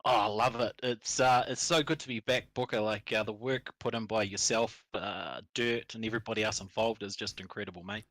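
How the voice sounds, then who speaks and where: A man's voice: fairly low pitch, fairly even intonation, fairly quick, hardly any pauses, fairly bright tone, no room sound. A man, a race driver chatting after a heat, modest, grateful and easygoing. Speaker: race driver being interviewed. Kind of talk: casual post-race chat.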